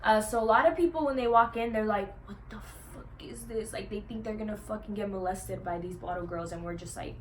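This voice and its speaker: A woman's voice: medium pitch, fast talker, few pauses, a little hiss or hum. A young woman vlogger telling a story in a chatty way, full of "like" and swearing, acting out what other people said. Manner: acts out what others said in lively quoted voices. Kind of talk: casual storytelling to camera.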